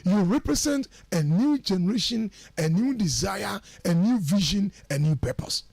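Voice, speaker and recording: A man speaking as a guest on a radio show, giving lively, preachy advice on how to order your life and mixing English phrases into his speech. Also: high voice, moderate pace, creaky, husky, no room sound. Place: radio studio.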